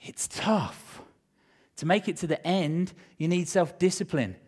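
A middle-aged male pastor preaching a sermon, telling a personal story with animated emotion, swinging between loud and hushed. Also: sits high, a little slow, husky.

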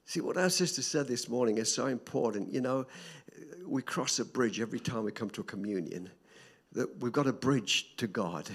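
An older man preaching a sermon, swinging between loud emphatic repetition and soft hushed drops. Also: mid-range voice, normal speed, breathy edge.

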